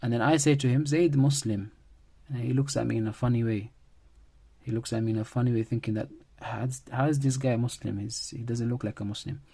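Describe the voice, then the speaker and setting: A man teaching a grammar lesson at a middle pitch. He repeats key phrases as he goes and builds each point around everyday examples, in a patient, classroom-style delivery. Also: mellow.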